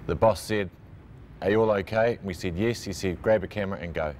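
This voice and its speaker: A man's voice: low-pitched, a little fast, a little mellow, a little hiss or hum. A man, a camera operator giving a matter-of-fact account in an interview. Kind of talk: recalled interview testimony.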